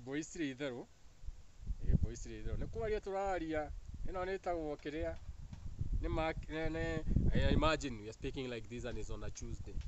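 A man's voice: medium pitch, noisy background. A man with a Kenyan accent giving a casual spiritual monologue, joking and laughing often between teasing and preachy asides. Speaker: spiritual talk host.

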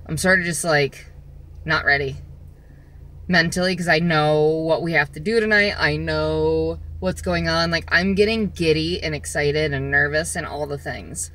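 A woman chatting casually in a vlog, rambling along with lots of filler pauses, filming herself on a phone outdoors. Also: deep voice, fairly bright tone. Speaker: vlogger. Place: outdoors in the sun.

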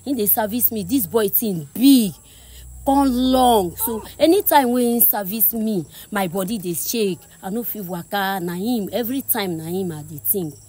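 Husky, pleading Nigerian woman. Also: medium pitch, animated, normal speed, few pauses, darkish tone. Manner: pleading, blunt. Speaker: interviewee. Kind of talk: comic street-interview skit.

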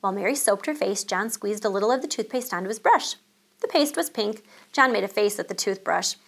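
A woman teacher reading a children's chapter book aloud, calm and expressive. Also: medium pitch, fairly quick, creaky, slightly rough.

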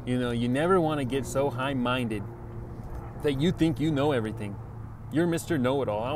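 Man, mid-pitched, earnest casual sermon, repetitive, faint street noise behind. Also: moderate pace. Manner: earnest, repetitive, conversational, with many "you know" and "right?". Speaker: Bible teacher.

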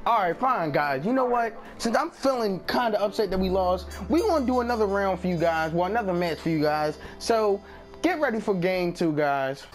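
A young man hosting a gaming channel, giving slangy, excitable live commentary into a headset, yelping and laughing. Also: high voice, moderate pace, soft background music. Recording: background noise.

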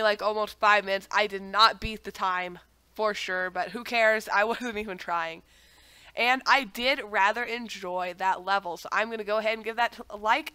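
A young woman hosting a gaming channel has a cold as she rambles through casual gameplay commentary, sidetracked again and again by self-mocking asides. Her slightly high voice is sharp, clear, and resonant, with no echo.

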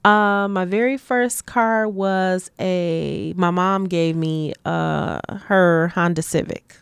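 A woman from Detroit, a guest in a casual interview, telling relaxed stories and laughing often. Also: lowish voice, slow, vocal fry, clear, resonant tone, dry recording. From Detroit, USA. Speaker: guest, community advocate.

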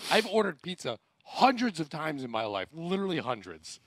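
Young man, streamer, high pitched, wildly swinging, dry close sound, laughing storytelling. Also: sing-song, brisk, fairly bright tone, no echo. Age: young adult. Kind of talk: casual stream chat.

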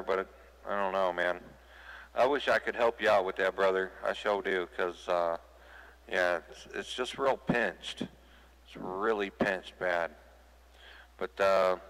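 A man's voice: low voice, normal speed, a bit bright, long reverb tail, low-quality recording. A man chatting casually over CB radio in a folksy, plain-spoken way, giving friendly advice to other operators.

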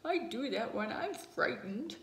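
A woman voicing a small, frightened, furry blue male creature in a storybook, tearful and hushed. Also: fairly high pitch, expressive, unhurried. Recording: roomy echo.

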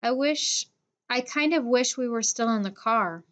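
A woman's voice: fairly high pitch, a little slow, natural voice. Woman reading as an anxious young boy. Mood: worried. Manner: worried, questioning. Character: anxious younger boy who looks up to his friend.

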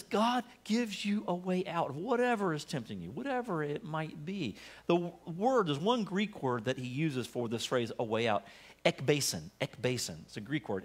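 A man preaching a sermon as pastor in a church, talking casually and joking with the congregation. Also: a little high. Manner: conversational, humorous, asks the congregation questions. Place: church sanctuary.

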